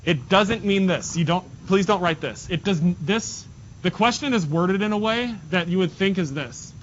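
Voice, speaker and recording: Speaking at a normal speed, a high-pitched man teaches math to his class, taking them through the problems one step at a time with jokey asides. The lesson comes through a dull, lo-fi classroom recording with a faint hiss.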